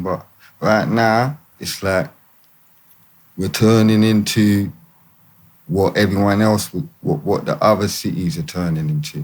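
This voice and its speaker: A man's voice: low-pitched, slightly rough. A man, talking as a guest in a casual interview, full of street slang and emphatic asides. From England.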